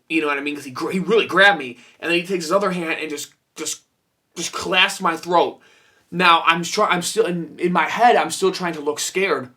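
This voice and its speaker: Chatty man telling fan stories, pitched a bit high. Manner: animated, swears freely, lots of fillers and quoted dialogue. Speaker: horror collectibles vlogger. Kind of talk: casual storytelling to camera. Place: room full of his collection.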